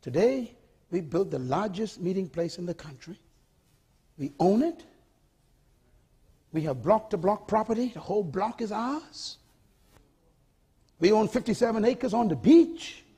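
A man delivers an emphatic sermon in a high, husky voice that leaps up and down in pitch. He repeats his key phrases and keeps calling on the congregation to answer back. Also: lively intonation, unhurried, pauses often, mellow. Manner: emphatic, repetitive, calls for audience response. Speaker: preacher.

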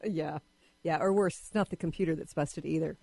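A woman's voice: low-pitched, a little fast, creaky, darkish tone, husky, no room sound. A woman hosting a radio talk show and interviewing a guest, speaking hesitantly with fillers.

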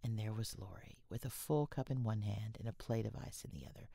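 A woman's voice: rumbling low, brisk, creaky, mellow, husky, no room sound, studio quality. A woman narrating a classic novel as an audiobook, reading expressively and often dropping into a whisper. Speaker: audiobook reader.

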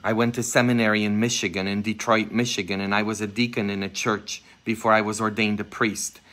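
A man preaching a homily as a Catholic priest, impassioned, dropping to a hush and rising loud as he acts out voices in his stories. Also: lowish voice, little pitch movement, fairly quick. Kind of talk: sermon.

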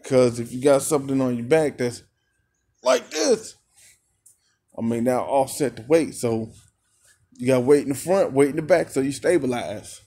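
A man of middle pitch telling a rambling, profane story in a casual rant. He laughs often and his voice leaps upward whenever he gets worked up. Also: lively intonation, normal speed, long pauses, warm tone, husky.

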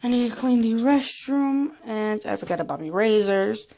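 A woman's voice: fairly high pitch, lively intonation, normal speed, mellow, slight background noise. A young woman chatting casually in a rambling daily vlog, at times frustrated. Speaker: vlogger.

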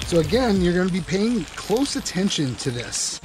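A man's voice: sits high, big pitch swings, moderate pace, darkish tone, a little hiss or hum. A man hosting a fishing and cooking channel, chatting through a casual cooking demonstration and talking straight to the viewer with instructive tips. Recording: music playing underneath.

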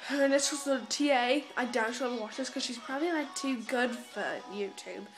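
A woman's voice: sits high, fairly quick, over music. A girl in her teens, chatting casually and bluntly, swearing and putting on a mock British accent. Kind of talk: casual chat to camera. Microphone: phone camera.

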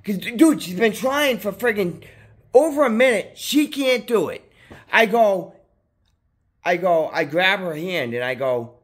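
A man's voice: high-pitched, a little slow, husky. A man vlogging a personal story in casual, rambling talk, heavy on profanity and filler like "dude" and "you know what I mean", his voice jumping up when he gets worked up. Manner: excitable, voice jumps up when worked up.

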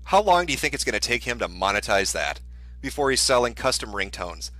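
Guy doing a mocking profane rant, bright lively voice, dry close sound. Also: medium pitch, a little fast, dry recording. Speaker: commentary streamer. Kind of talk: ranting commentary.

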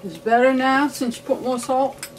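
A woman's voice: high voice, normal speed, a little hiss or hum. A woman, chatting casually and teasing in a home kitchen as she tastes the soup. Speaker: host's partner tasting the food.

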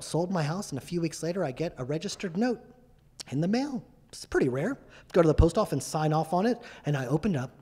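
A middle-aged man giving an animated, emphatic testimony as a guest speaker in a church. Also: on the high side. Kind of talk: sermon-style testimony. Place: church hall. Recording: reverberant church hall.

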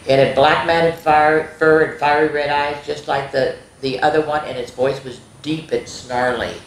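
A woman reading a spooky children's story aloud, expressive, with gasps and little asides to young listeners. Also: deep voice, normal speed, slight background noise. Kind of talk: reading a spooky picture book aloud to kids. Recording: roomy echo.

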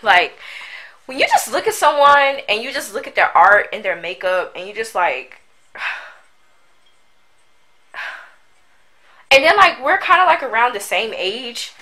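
A young adult woman vlogs casually to her audience while packing at home, her voice a little high with big pitch swings, slow and full of pauses. She sounds pushed and bright, goofy and overdramatic with lots of slang, captured on a built-in camera mic in a low-quality recording.

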